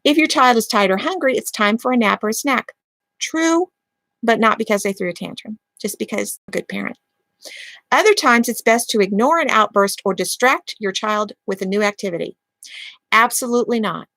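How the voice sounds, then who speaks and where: A woman's voice: on the high side, lively intonation, moderate pace, fairly bright tone, no room sound. A woman hosting a parenting advice channel, reading quotes aloud and criticising them emphatically. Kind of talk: casual critical commentary.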